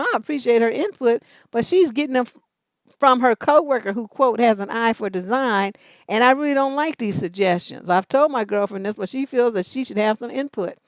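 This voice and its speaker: A woman's voice: a little high, no echo. Blunt, profane woman talk-show host. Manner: blunt, profane, animated storytelling with laughs. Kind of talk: live advice show, storytelling and reading questions.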